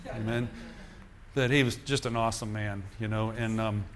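Older man preaching an animated testimony. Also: on the low side, normal speed, slight background noise. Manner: animated storytelling with chuckles, addressing the congregation. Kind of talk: sermon testimony. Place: church.

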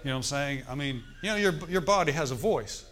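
Animated pastor preaching. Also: male voice, mid-range voice, fast, noisy background. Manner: conversational, animated, asks the congregation questions. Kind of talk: sermon storytelling.

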